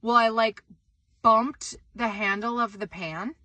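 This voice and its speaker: An excitable young woman chatting on her vlog, her voice bright and forceful with a slightly high pitch. She rambles with lots of "like"s, and the sound is dry and close. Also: takes it slowly, no room sound. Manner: excitable, animated, screams in retold moments, many "like"s. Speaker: vlog host. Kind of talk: casual storytelling vlog.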